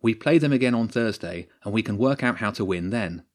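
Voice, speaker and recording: A man reading a story, voicing a firm, practical girl football captain in a brisk, commanding way. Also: fairly low pitch, lively intonation, natural voice. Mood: urgent.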